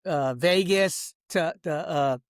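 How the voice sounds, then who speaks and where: In a studio-quality recording without echo, a business owner with a somewhat high voice goes slowly through a profane, rambling rant to camera. He boasts heatedly about his businesses, calls the listener bro and dog, and alternates between outbursts and muttering.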